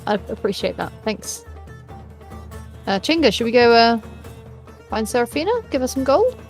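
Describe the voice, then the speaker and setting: A woman's voice: fairly high pitch, lively intonation, normal speed, soft background music. A woman playing a tabletop game, bubbly and chatty, calling out eagerly to the others. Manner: bubbly, chatty, laughs often. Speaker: player.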